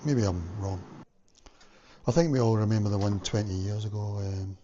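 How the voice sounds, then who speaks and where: A man's voice: on the low side, normal speed, warm tone. A man from Scotland chatting casually on his vlog while cooking, rambling with lots of fillers. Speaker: vlogger. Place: home kitchen. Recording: lo-fi home recording with background noise.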